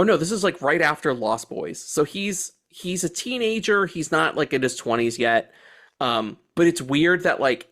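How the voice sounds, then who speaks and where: A man in his forties co-hosting a podcast, chatting about a movie in an excited, profane way. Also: medium pitch. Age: 40s. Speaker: podcast co-host. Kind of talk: casual movie chat.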